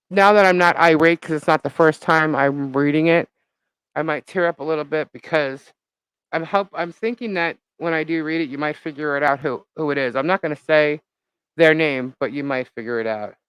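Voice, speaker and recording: A woman live-streaming as a vlogger, telling a gossip story in an animated, indignant way with lots of fillers. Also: deep voice, smooth, no room sound, poor audio.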